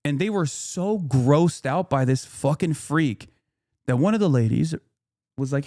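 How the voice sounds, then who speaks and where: A man's voice: fairly high pitch, expressive, a little slow, dark tone, dry recording, studio quality. A man streaming casual commentary, swearing freely and rambling in an indignant tone.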